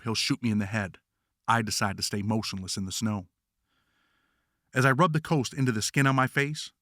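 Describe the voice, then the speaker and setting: A man's voice: fairly low pitch, a bit bright, no room sound. Somber man reading a memoir, dry. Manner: somber, measured. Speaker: memoir narrator. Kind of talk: scripted first-person memoir narration.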